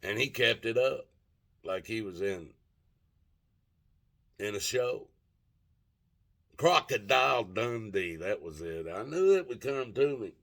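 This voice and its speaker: Older male vlogger, slightly low voice, loose cussing storyteller who keeps losing his train of thought. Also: animated, takes it slowly, gravelly, pauses often, a bit bright. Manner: rambling, profane, gropes for words with many fillers. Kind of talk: casual storytelling monologue.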